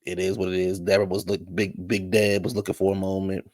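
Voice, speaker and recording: A man's voice: sits low, flat delivery, fairly quick, a little mellow, dry recording, studio quality. A man recapping a reality show in casual, blunt, profane commentary.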